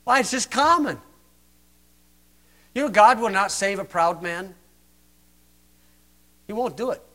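High-voiced older preacher, sarcastic. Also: male voice, animated, unhurried. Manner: sarcastic, mocking, swings from loud to hushed. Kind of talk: sermon.

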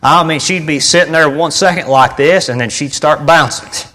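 A man's voice: fairly high pitch, moderate pace, bright, forceful tone. A man preaching a sermon, telling stories with emphatic, repeated phrases and sudden outbursts. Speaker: pastor.

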